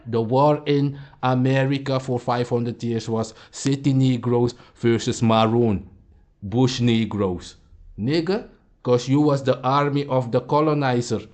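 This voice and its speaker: Man, reaction commentary, confrontational, lecturing, mid-pitched voice, stumbles over repeated words. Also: darkish tone. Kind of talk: heated commentary.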